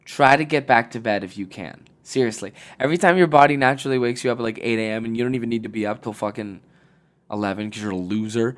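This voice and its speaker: A young man hosts a podcast and gives casual advice. He is blunt and profane, joking constantly and breaking into loud, animated bursts. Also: mid-range voice, brisk. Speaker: podcast host. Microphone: podcast mic.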